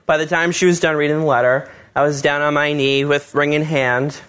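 A man telling his own story live on stage, easygoing and wry, building up to punchlines in a calm, collected way. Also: fairly high pitch, brisk, clear, resonant tone. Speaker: storyteller, husband of a patient.

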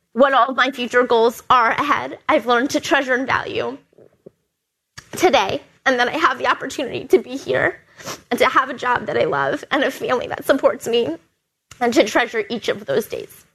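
A woman telling a personal story in a steady, reflective way. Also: sits high, normal speed, rough recording. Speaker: cancer survivor and lawyer. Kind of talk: personal testimony.

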